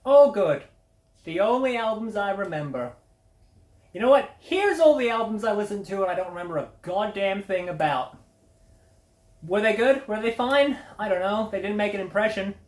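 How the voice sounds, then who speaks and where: A woman's voice: mid-range voice, animated, moderate pace. Sweary woman in a roomy echo. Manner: sweary, sardonic and blunt. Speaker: media review host. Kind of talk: casual spoken review.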